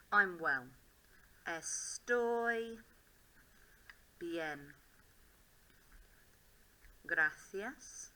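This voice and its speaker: A woman's voice: medium pitch, sharp tone, low-quality recording. An English woman teacher thinking aloud as she writes, upbeat and encouraging in a classroom demonstration.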